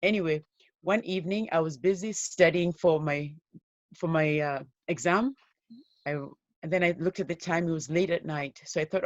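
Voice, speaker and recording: A woman giving an interview as a guest, telling her own life story in an earnest, steady way. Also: deep voice, moderate pace, no echo, highs cut off. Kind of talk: personal story told in an interview.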